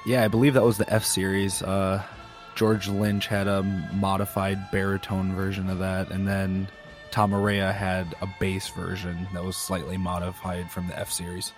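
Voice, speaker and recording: A man's voice: low voice, monotone, moderate pace, over music. A man from Minnesota co-hosting a podcast, chatting casually and knowledgeably. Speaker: podcast co-host. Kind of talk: casual chat.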